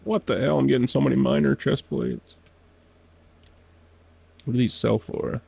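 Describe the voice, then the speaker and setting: A man's voice: mid-range voice, fairly even intonation, moderate pace, creaky, darkish tone, breathy edge. A man streaming a game, chatting casually to himself, laughing often and sounding out foreign words. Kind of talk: casual gameplay commentary.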